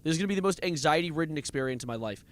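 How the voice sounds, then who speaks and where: A man's voice: fairly high pitch, lively intonation, very fast, a little hiss or hum. A man streaming a game live, nervously muttering coordinates, reading chat and breaking into sudden exclamations. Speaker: livestreamer playing a game.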